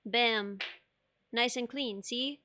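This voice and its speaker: A woman's voice: fairly high pitch, drawn-out words, bright, forceful tone, a little hiss or hum. A young woman streaming live, chatting casually while she sculpts, bubbly and rambling, laughing often and reading chat aloud.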